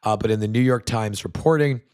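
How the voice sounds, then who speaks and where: A man's voice: on the low side, a little fast, a little mellow, clean tone. Profane ranting male political host. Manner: profane and scornful, many fillers and restarts. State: recovering from a cold. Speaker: podcast host. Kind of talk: political commentary rant.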